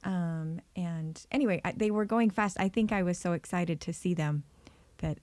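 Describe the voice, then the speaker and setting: A woman's voice: fairly low pitch, normal speed, darkish tone, no echo. A woman co-hosting a podcast in casual chat, laughing easily and trailing off mid-thought. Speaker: podcast co-host.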